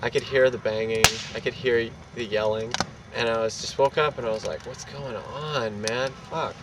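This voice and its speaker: A man of middle pitch tells a wild anecdote with swagger and plenty of swearing, jumping into the voices of the people in it. He sits well back from the mic, out on a city street with loud traffic rolling past. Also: fairly quick, recorded from a distance. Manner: animated, profane, acts out quotes. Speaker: storyteller. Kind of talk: casual anecdote.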